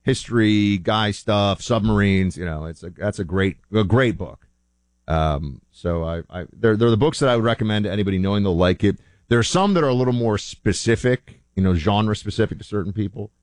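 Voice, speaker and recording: Man, very low voice, dry sound, rambling casual monologue, chatty. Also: a little fast, darkish tone, no room sound. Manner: rambling, chatty, self-correcting.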